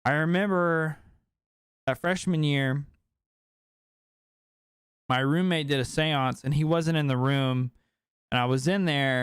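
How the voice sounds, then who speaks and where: Late-20s man, cursing, animated storyteller, slightly high, smooth tone; casual podcast chat. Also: normal speed, dry recording, clean studio sound. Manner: animated, profane, heavy filler words. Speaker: podcast speaker.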